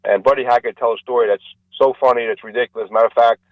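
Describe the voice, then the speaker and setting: A man, a comedian guest, telling jokes in a rambling, animated way. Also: medium pitch, fast, dry recording, phone-quality sound. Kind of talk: casual storytelling interview.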